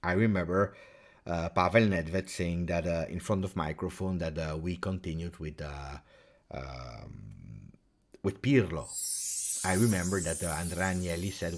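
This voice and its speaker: Casual live-stream host, man, very low voice, rambling. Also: animated, measured pace, gravelly. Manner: rambling, hesitant, many fillers. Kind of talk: casual live-stream chat, reading viewer comments.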